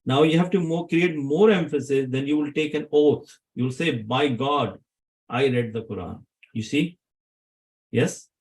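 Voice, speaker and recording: A man's voice: medium pitch, measured pace, a little mellow, poor audio. A man teaching Arabic grammar to a class, often asking his students questions to check they follow.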